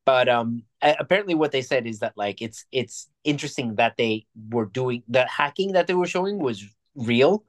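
Brief: male co-host at mid pitch, loose rambling movie-review banter, jokes a lot. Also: animated, moderate pace, hardly any pauses. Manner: rambling, jokey, restarts often. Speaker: podcast co-host. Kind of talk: casual movie review chat.

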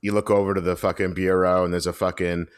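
A man's voice: deep voice, flat delivery, fast talker. A man trading crude, teasing jokes in casual banter.

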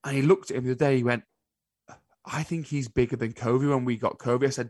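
A man co-hosting a casual chat show, telling stories in an animated, exasperated way. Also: mid-range voice, brisk, long pauses, no room sound. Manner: animated storytelling, exasperated asides. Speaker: podcast co-host.

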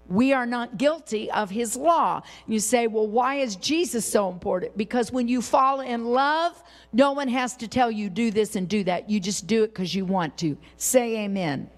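A woman's voice: a little high, big-room sound. A woman teaching a Bible study in sermon style, emphatic, repeating key phrases and calling on listeners to respond.

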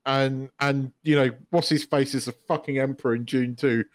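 A man's voice: mid-range voice, fairly even intonation, moderate pace. A man co-hosting a podcast, chatting casually and rambling with lots of restarts and swearing. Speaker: podcast co-host. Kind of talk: casual chat.

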